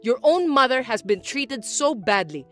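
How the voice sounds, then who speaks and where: A domineering mother-in-law, voiced by a woman, scolds in a high, indignant tone that leaps up and down. Faint music plays underneath the story narration. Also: big pitch swings, a little slow, fairly bright tone, full character voice. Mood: whining. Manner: indignant, accusing and whiny. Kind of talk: scripted story voice-acting.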